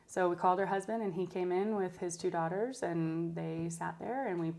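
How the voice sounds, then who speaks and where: Casting: woman in her 30s, nurse guest, lowish voice, candid and heartfelt. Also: normal speed, gravelly, a little mellow. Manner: candid storytelling, emotional at times. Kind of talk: casual interview chat.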